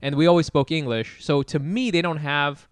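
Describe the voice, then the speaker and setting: A man co-hosting a podcast, chatting casually, with lots of quick agreement and stammered restarts. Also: on the high side, steady tone, smooth, no echo. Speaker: podcast co-host. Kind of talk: casual chat.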